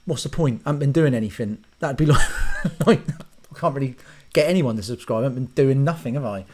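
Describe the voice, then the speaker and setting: A man's voice: medium pitch, fairly quick, darkish tone. A man, rambling through a sarcastic, casual comic rant to camera and swearing freely. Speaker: YouTube ranter and host.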